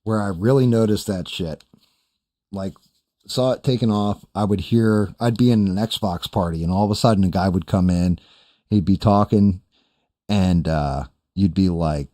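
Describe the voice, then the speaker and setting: Older male streamer host, deep mellow voice, crude and self-mocking, off-the-cuff chat. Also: normal speed, dry recording, studio quality. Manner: profane, rambling, self-deprecating. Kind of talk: casual chat reading live chat.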